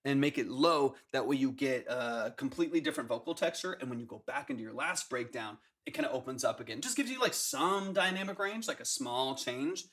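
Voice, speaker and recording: A man giving quick, technical, enthusiastic feedback on a song during a livestream chat, with plenty of fillers. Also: medium pitch, animated, fairly bright tone. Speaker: music producer giving track feedback.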